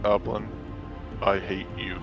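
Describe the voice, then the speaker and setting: A man taking part as a player in a tabletop game, speaking haltingly. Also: fairly low pitch, level tone, lo-fi sound, over music.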